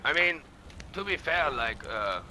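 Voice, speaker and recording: A man's voice: on the high side, expressive, unhurried, over a noisy crowd, rough recording. A man roleplaying a bandit boss in online game voice chat, telling a long profane, boastful, rambling story in character.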